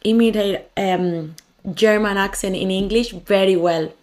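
A woman chats on a podcast at a mid-range pitch. She teases the host playfully and laughs easily. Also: a little mellow. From Spain. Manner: teasing, quick to laugh. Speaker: podcast guest. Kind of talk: casual interview chat.

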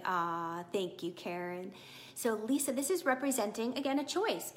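A middle-aged woman giving a casual live tarot reading to viewers, chatty and encouraging. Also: mid-range voice. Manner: warm, chatty, encouraging, animated with laughs. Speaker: tarot reader.

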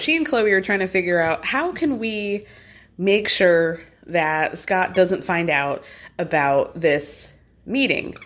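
A young woman casually recapping a reality show in a gossipy, chatty way, full of asides. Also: mid-range voice.

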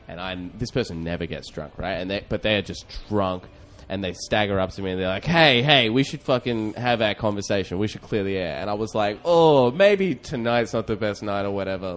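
Rambling comedian telling a story. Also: male voice, on the low side. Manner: rambling, filler-heavy, self-deprecating. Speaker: podcast host and comedian. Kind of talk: casual storytelling.

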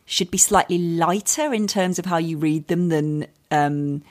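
A woman's voice: lowish voice, unhurried. Chatty, self-deprecating Englishwoman. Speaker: guest, comedian and author. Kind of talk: casual podcast chat.

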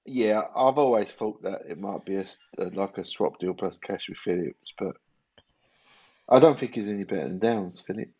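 A man's voice: fairly low pitch, normal speed, a little mellow, slightly rough. A man co-hosting a podcast in casual chat, giving his opinions with hesitant restarts. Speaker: podcast co-host. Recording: dull lo-fi mic.

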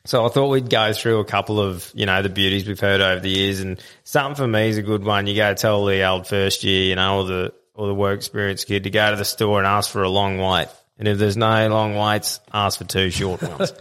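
A young man with a fairly low voice hosts a loose podcast chat among mates. He is laid-back and swears freely. He laughs often as he trades work stories. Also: steady tone, a little fast, few pauses, a bit bright, clear, resonant tone. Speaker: podcast host. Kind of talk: casual chat.

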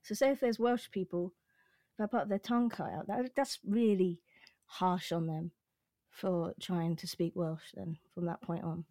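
A woman's voice: lowish voice, fairly even intonation, normal speed, dark tone, no room sound. A woman with an English accent chatting and musing aloud in a casual podcast conversation. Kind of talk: casual chat.

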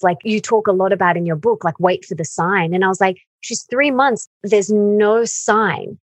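A woman's voice: mid-range voice, breathy edge, dry recording. A woman chatting enthusiastically as an interview guest, talking about her baby with frequent "like"s. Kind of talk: casual interview chat.

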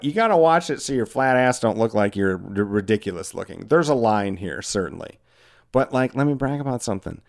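Rambling, candid middle-aged podcast host. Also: male voice, medium pitch. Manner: rambling, candid, self-deprecating, lots of "like". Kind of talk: casual monologue.

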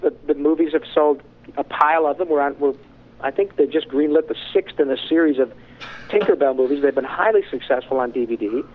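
A middle-aged voice actor telling frank, animated stories in an interview. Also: male voice, fairly high pitch, fairly quick, a little hiss or hum. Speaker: voice actor guest. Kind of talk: candid storytelling in conversation. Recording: tinny phone-like line.

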